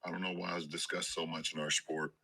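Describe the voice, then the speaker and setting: A man talking casually on a podcast, halting and often restarting his sentences. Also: very deep voice, flat delivery, sharp tone.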